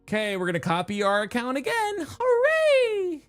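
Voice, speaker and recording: A streamer talking to chat in a lively, swooping voice, recorded dry and close. Excitable and chatty, this streamer jumps between thoughts and restarts sentences mid-stream. It sounds like a live game stream, addressed straight to the viewers. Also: mid-range voice, a little slow, no room sound, faint music behind.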